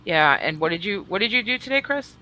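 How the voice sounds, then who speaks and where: A woman's voice: mid-range voice, expressive, fast talker, pushed and bright, a little hiss or hum. A woman co-hosting a casual livestream, bubbly and teasing as she greets viewers. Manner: bubbly, teasing, swings between squeals and mutters. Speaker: livestream co-host.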